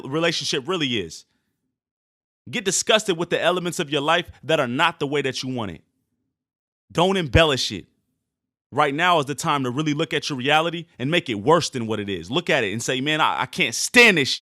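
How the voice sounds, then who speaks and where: A man hosting a motivational podcast, talking intensely and forcefully in a preachy way that sounds almost angry. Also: mid-range voice, no echo, studio quality. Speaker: podcast host and sports motivation coach. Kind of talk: motivational speech.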